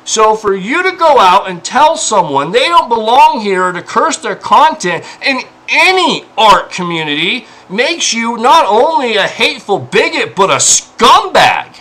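A man delivers an angry personal rant, exasperated and profane, at times pleading. He speaks slowly and with emphasis, and his pitch swings widely. His voice has a bright, sharp edge over faint background noise. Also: big pitch swings, rough recording. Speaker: indie game developer and content creator.

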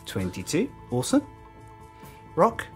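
A woman narrating as game master of a tabletop game, relaxed and often laughing. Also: deep voice, measured pace, soft background music.

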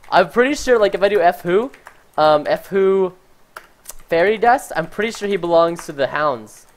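A man giving chatty, excitable live commentary while playing a game, talking to his viewers and easily startled. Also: high voice, a little slow, pauses often. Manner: talks to chat and viewers. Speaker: gaming livestreamer.

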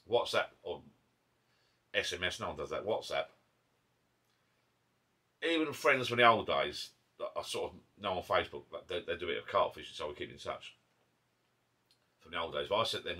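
Husky low-voiced Essex man chatting. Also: animated, quick pace, bright, forceful tone. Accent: Essex English. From Essex, England. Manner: rambling, chatty, self-interrupting. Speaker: vlogger. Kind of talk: casual chat over beers. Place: garden pub shed. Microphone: camera mic.

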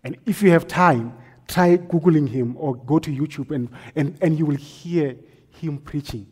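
A married man preaching a sermon as pastor, telling stories and swinging between hushed lines and forceful ones. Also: a little high, unhurried, breathy edge. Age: adult, married.

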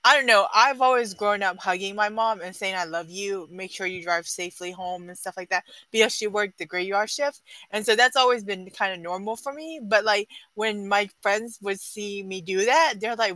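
Bright, chatty woman. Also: medium pitch, moderate pace, hardly any pauses, no echo, rough recording. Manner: chatty, lots of "like" and "you know". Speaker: book club member. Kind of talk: casual sharing in a group discussion.

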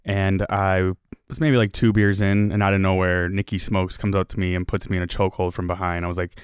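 A man's voice: sits low, little pitch movement, fairly quick, smooth, dry recording, studio quality. A man on a podcast panel telling a wry anecdote. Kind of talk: casual anecdote.

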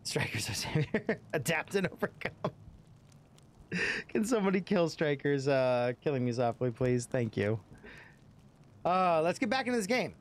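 A man's voice: on the high side, sing-song, normal speed, pauses often, a little hiss or hum. A man casually commenting on his game stream, swearing freely and rambling between jokes. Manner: profane, rambling, jokey; puts on character voices. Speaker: let's play streamer.

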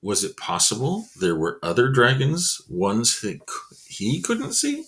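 A man's voice: mid-range voice, wildly swooping pitch, measured pace, fairly bright tone. A man reading a children's novel aloud expressively, adding casual asides. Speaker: reader.

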